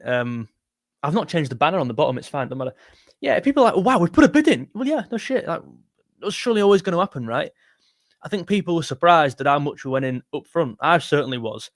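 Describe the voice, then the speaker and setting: A young man hosting a casual fan live stream, excitable and jumpy, talking straight to his chat. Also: a little high, no echo, studio quality. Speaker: football fan channel host.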